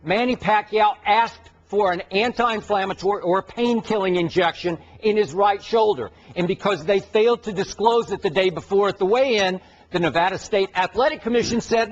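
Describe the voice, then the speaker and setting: A man's voice: sits high, normal speed, lo-fi sound. A man hosting a heated sports debate, insistently laying out his case point by point. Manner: insistent, argumentative, lays out facts point by point.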